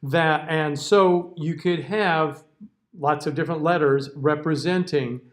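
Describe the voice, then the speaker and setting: Male diction teacher, somewhat high voice, relaxed lecture manner, models words aloud. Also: measured pace. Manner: patient, conversational, models sounds aloud. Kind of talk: classroom lecture.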